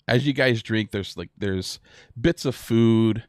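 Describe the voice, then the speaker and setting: Low-voiced, halting male game master. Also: no echo, clean studio sound. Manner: halting, with many fillers and restarts. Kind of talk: narrating a tabletop game.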